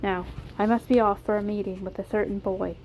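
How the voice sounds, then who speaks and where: Reassuring male inventor, calm, gentle, mellow, voiced by a woman. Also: medium pitch, brisk, a little hiss or hum, close to an everyday voice, rough recording.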